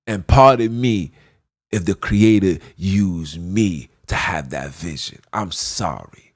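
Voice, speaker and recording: A man's voice: deep voice, slow. A man preaching a fervent, repetitive monologue as a podcast host, slipping into archaic scripture phrasing.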